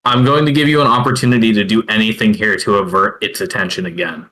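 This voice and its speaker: A man narrating as game master of a tabletop game, hesitant and full of filler pauses. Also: fairly low pitch, fairly even intonation, pushed and bright, rough recording.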